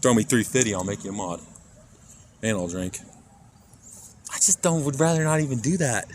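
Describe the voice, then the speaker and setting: A man's voice: medium pitch, moderate pace. A man from Kansas live-streaming on a phone as he walks outdoors, rambling and swearing as he talks straight to his chat. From Kansas, USA. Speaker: IRL streamer. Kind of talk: casual live-stream chat while walking. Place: outdoors on city streets. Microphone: handheld phone. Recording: phone stream with loud street noise. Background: traffic and street noise.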